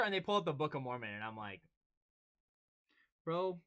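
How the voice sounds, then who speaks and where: A man's voice: a little high, fast talker. A young man co-hosting a casual podcast, telling stories and acting out both sides of the exchanges. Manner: animated storytelling, acting out exchanges. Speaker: podcast co-host. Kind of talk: casual chat.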